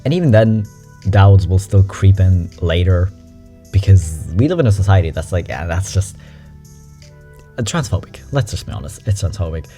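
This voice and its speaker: A low-pitched, mellow young adult nonbinary speaker chats through memes with a lively, bouncing delivery. The talk is frank and casual, with easy swearing, over faint background music. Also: moderate pace. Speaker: meme reaction host. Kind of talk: casual meme commentary.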